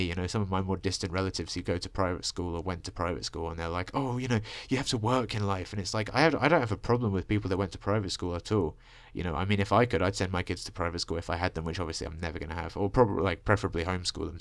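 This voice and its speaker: A young vlogger delivers a long, profane personal rant, talking fast and low and leaning heavily on "like" and "you know." His deep voice is creaky. Recorded on a desk microphone, the sound is close and dry with no room sound.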